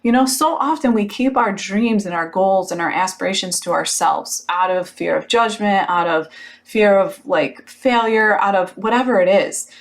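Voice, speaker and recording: Candid, animated woman podcasting. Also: medium pitch, moderate pace. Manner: animated storytelling with lots of fillers; frank, with occasional swearing. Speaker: podcast host. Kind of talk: casual motivational monologue.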